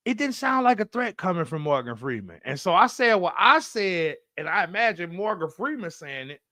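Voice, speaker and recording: A man co-hosting a podcast in casual chat, telling animated, profane stories and acting out other people's voices. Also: sits high, normal speed, no room sound, clean studio sound. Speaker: podcast co-host.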